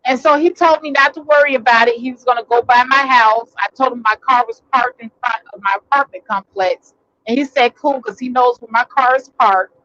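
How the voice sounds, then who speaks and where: A woman's voice: fairly high pitch, a little fast, fairly bright tone, no room sound, dull audio. A woman vlogger telling a personal story in a casual, rambling way, full of fillers and restarts, recorded in a vehicle.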